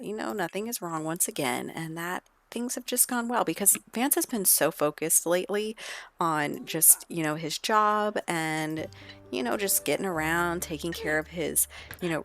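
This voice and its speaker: Chatty low-voiced woman gaming. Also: a bit bright. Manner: chatty, fast, exclaiming. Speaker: let's play narrator. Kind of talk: casual gameplay commentary.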